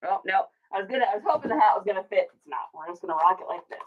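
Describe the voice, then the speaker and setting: A woman's voice: medium pitch, expressive, rapid-fire, muffled recording, a little hiss or hum. A woman hosting a casual livestream, playful and joking with her viewers. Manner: playful, sings along and jokes with viewers. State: out of breath. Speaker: online reseller livestream host.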